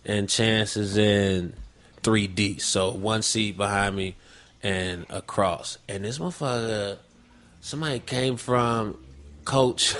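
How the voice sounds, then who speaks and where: A man's voice: fairly low pitch, fairly bright tone. A man hosting a podcast, talking in casual chat with a loose, profane, rambling way of telling stories. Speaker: podcast host.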